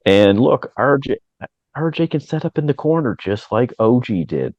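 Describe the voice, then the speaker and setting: A man who coaches, breaking down basketball lineups in a measured, matter-of-fact way on a podcast. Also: medium pitch, expressive, a little mellow, dry recording. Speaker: co-host, coach. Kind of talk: casual sports analysis. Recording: dull, dry sound.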